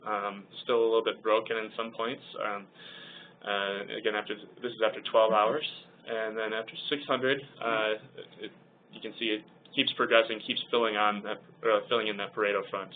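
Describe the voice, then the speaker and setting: A man presenting a technical software webinar, explaining charts and hesitating often with ums and uhs. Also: on the low side, little pitch movement, moderate pace. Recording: tinny phone-like audio with faint hiss.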